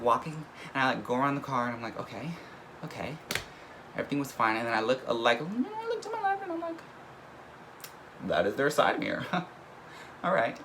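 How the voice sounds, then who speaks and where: A young man telling a casual story, animated and profane, often laughing as he goes. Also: medium pitch. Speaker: vlogger. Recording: noticeable background noise.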